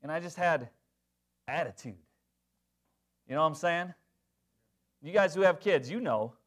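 A young adult man delivers a sermon in an unhurried, deliberate way. His voice sits fairly high, and he leans on emphasis, pausing to check in with his listeners. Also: animated. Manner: emphatic, call-and-response asides to the congregation. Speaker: pastor.

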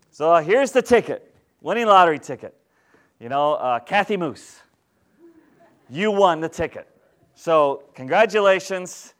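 A man preaching as pastor, teaching in a conversational, animated way and asking the congregation questions. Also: fairly high pitch. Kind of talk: sermon.

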